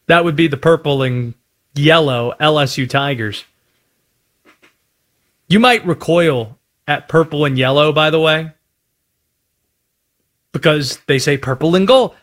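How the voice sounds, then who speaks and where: A man's voice: fairly high pitch, measured pace, pauses often. A man hosting a sports talk radio show, ranting playfully about team colors in a studio. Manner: animated, playful rants.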